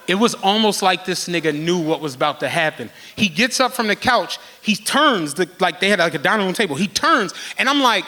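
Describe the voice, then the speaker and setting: A man hosting a podcast live on stage, telling a story with animated energy and plenty of swearing, often laughing as he talks. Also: high voice, brisk, hardly any pauses.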